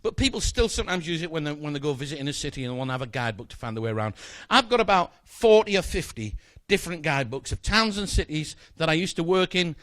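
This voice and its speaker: A man's voice: fairly high pitch, expressive, quick pace, hardly any pauses, a bit bright, dry recording. A middle-aged man doing playful, joking stage patter as a magician, chatting with a volunteer from the audience. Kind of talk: live comedy magic patter.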